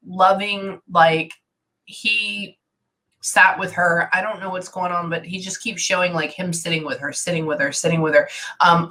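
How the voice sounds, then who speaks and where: Woman medium, bright edge, stop-start delivery, keeps cutting herself off. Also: fairly low pitch. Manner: halting, animated, many self-interruptions. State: tearful at times. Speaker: psychic medium. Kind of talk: channeling session.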